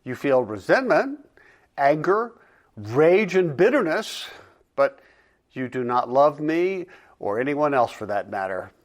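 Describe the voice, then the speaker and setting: A man voicing a calm, direct divine judge who speaks in a measured, solemn way in a dramatic reading. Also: fairly high pitch. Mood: stern.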